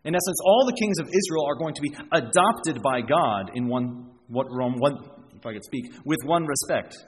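A man preaching an expository sermon, emphatic, rising on key phrases and dropping low for quieter asides. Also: lively intonation, normal speed. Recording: reverberant hall with faint noise.

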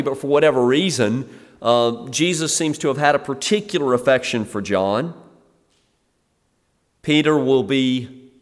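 Brief: middle-aged man, pastor, conversational sermon delivery, mid pitch, long church-hall reverb. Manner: conversational, acts out the scene in lively quoted asides. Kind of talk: expository sermon.

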